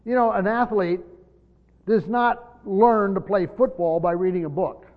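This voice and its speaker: Halting male preacher in a reverberant hall. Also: high-pitched. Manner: halting, repeats words while explaining. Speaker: pastor. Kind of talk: expository sermon. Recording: muffled recording with long hall reverb.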